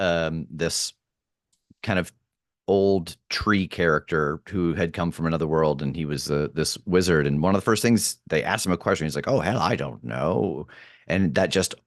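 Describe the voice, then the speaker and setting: A man's voice: sits low, dry recording, clean studio sound. A man who produces podcasts and acts, talking casually in an interview, thoughtful, with many fillers and restarts.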